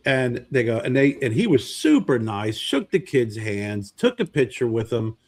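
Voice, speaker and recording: This podcast co-host has a mid-range voice and a moderate pace. He's an animated storyteller in casual chat, acting out the voices of the people he quotes.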